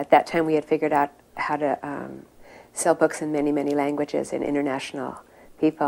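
A middle-aged woman telling an earnest personal story about her past, with many pauses and fillers. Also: low voice, vocal fry, a little mellow. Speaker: devotee recounting memories. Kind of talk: personal reminiscence.

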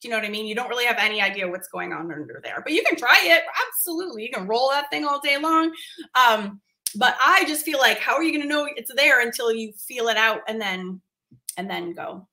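A woman's voice: fairly high pitch, animated, brisk, bright, forceful tone. A woman art teacher on a live stream, chatty and emphatic, laughing often and reacting to viewer comments.

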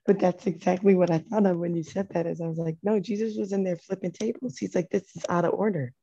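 Mellow husky woman on a dull line. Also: on the low side, steady tone, quick pace. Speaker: guest prayer partner. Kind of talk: casual chat on prayer call.

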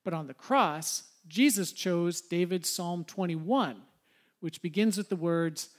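A man's voice: sits high, lively intonation, slow, fairly bright tone. Conversational male pastor preaching. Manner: conversational, asks the congregation questions. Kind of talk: sermon. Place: church sanctuary.

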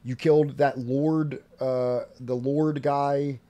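Male podcast host, mid pitch, reads source text then riffs casually with "like" and "you know". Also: steady tone, slow pace, mellow. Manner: reads passages aloud then explains them loosely with fillers. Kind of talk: casual history podcast commentary.

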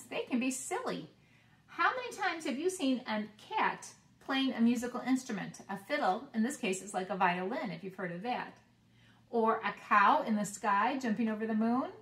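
A woman teaching preschoolers, reading nursery rhymes aloud in a gentle, encouraging way and inviting the children to join in. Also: medium pitch, distant mic. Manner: gentle, encouraging, talks to kids as if they were listening. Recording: roomy sound from away from the mic.

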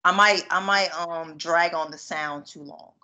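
A woman's voice: on the low side, steady tone, unhurried, sharp tone. A woman in her twenties from Georgia in the United States, talking hesitantly with fillers and repeated words during a speech coaching session. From Georgia, USA. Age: 20s.

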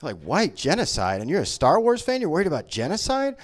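A man doing a stand-up comedy set, profane and mocking, with quick voices for the people he makes fun of. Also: fairly high pitch. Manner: profane, animated, mocking impressions.

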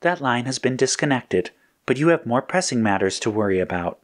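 A man voicing a calm male ship computer that speaks matter-of-factly and slowly. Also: mid-range voice, close to an everyday voice. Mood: cold, calm. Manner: calm, matter-of-fact, slow.

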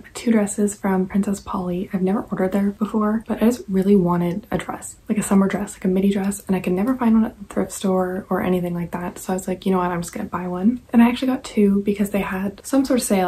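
A woman's voice: mid-range voice, dark tone, breathy edge, poor audio. A young woman vlogging at home, chatting casually to camera about clothes she bought, rambling with many "like"s and sometimes half whispering. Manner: chatty, rambling, lots of "like" and "I don't know"; partly whispering. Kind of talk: casual haul chat to camera. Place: at home, indoors.

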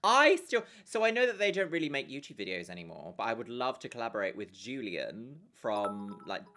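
A woman's voice: very deep voice, big pitch swings, fairly quick, fairly bright tone. A young woman chatting casually on a live stream, giggling and thanking her viewers as she plays.

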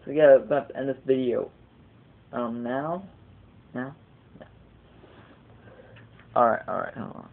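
A man's voice: medium pitch, unhurried, gravelly, pauses often, narrow, tinny audio. A teenage boy rambling through a casual video blog, digressing often and swearing casually. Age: teens. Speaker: vlogger.

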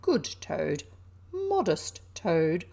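A woman's voice: on the low side, huge pitch swings, extremely slow, creaky, warm tone, heavily acted. A woman from New Zealand voicing a smug, mocking male chief weasel giving a speech in a storybook reading.

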